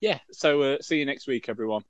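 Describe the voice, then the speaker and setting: A man's voice: mid-range voice, a little fast, dry recording, dull audio. Rambling, jokey male podcast host. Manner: rambling, jokey, lots of fillers and self-corrections. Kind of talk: casual chat.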